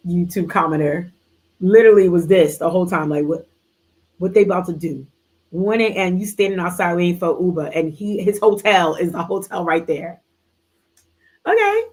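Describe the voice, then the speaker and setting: A woman's voice: on the low side, a little mellow, breathy edge. A woman hosting a live book club, retelling a story in a casual, slangy way with playful asides. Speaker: book club livestream host. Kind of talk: casual book recap chat.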